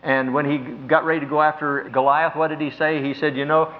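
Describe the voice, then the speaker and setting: A man preaching a sermon in an earnest, emphatic way, slowing down to stress key words. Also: mid-range voice, little pitch movement. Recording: dull lo-fi recording.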